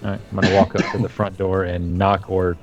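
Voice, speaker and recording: Deep-voiced male player. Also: flat delivery, brisk, highs cut off, a loud crowd. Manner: playful, plans actions out loud. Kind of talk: casual tabletop game play.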